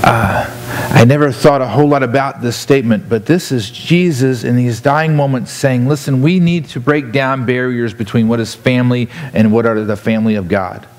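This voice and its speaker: A man's voice: medium pitch, normal speed, darkish tone. A man preaching a sermon as a church pastor, earnest and often repeating words as he restarts his sentences. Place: church sanctuary.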